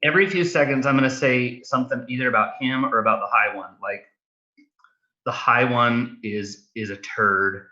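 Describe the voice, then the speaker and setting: A man playing a tabletop game chats in a halting, playful way. His voice is bright, and the mic sound is dull. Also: medium pitch. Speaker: player. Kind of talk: casual chat at a game table.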